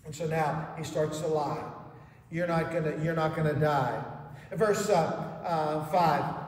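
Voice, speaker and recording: High-voiced male pastor preaching with rhetorical questions, heard from far off in an echoing church. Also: a bit bright. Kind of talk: sermon. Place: church sanctuary. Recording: echoey hall from far off.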